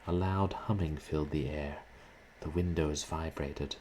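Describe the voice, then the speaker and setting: A man reading a short story aloud in a measured, deliberate narrating style. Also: extremely low pitch, fairly even intonation, warm tone, a little hiss or hum, rough recording.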